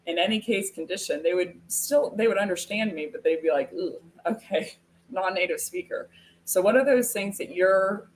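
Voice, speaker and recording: An American woman hosting a live sales webinar, talking casually and telling stories with frequent laughs. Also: on the low side. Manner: animated storytelling with frequent laughs. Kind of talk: casual live-stream talk.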